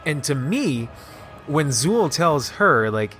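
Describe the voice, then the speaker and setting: A man casually recapping a video game story, excited and rambling, with lots of "like" and restarts. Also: a little high, slow, soft background music. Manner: excited, rambling, heavy use of "like". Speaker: gaming video host.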